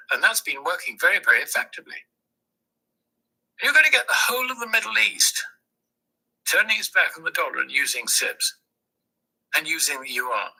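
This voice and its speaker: A man as a guest, explaining his analysis in a measured way with hesitant ums. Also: on the high side, sharp tone, poor audio. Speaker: guest commentator. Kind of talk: conversational analysis.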